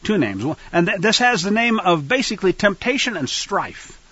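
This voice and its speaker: Guy preaching scripture, high lively voice, bright but husky, dull dry recording. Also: normal speed, no room sound. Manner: animated, acts out quoted lines loudly. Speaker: fellowship teacher. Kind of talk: scripture teaching.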